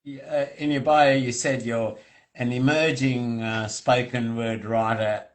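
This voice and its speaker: An Australian man hosting an interview in a friendly, halting way with many fillers. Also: medium pitch, fairly even intonation. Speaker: host. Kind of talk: casual interview chat.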